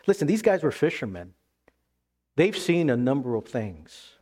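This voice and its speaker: A man preaching a sermon as pastor, emphatic, then dropping to hushed tones. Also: mid-range voice, big pitch swings, normal speed.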